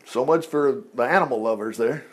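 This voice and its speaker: A man preaching a sermon, retelling a story with animated asides and frequent chuckles. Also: mid-range voice, fairly quick, husky. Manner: animated storytelling, acts out quotes, chuckles often.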